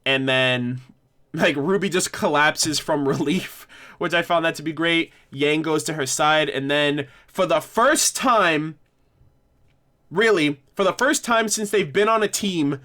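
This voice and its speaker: A man's voice: on the high side, unhurried, sharp tone. Chatty man hosting a livestream. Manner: rambling, self-correcting, laughs often. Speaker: livestream host. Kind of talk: casual livestream discussion.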